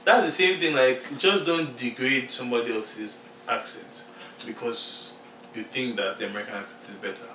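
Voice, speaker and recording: A young Nigerian man with a Nigerian accent, co-hosting a podcast in animated casual chat, often restarting his sentences. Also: mid-range voice, moderate pace. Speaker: podcast co-host. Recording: echoey room, a little far from the mic, faint noise.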